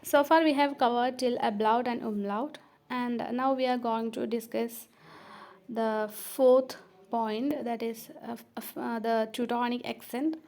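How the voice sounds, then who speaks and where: A woman's voice: a little high, fairly even intonation, a little slow, darkish tone. A woman teaching a recorded lecture, speaking hesitantly with many fillers and repeating each point to explain it.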